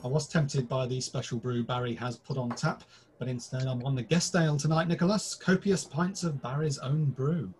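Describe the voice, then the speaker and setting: In scripted comic pub banter, this British co-host of a comedy podcast is theatrical, crude and mock-formal. He speaks at a moderate pace in a darkish, mid-range voice with fairly even intonation.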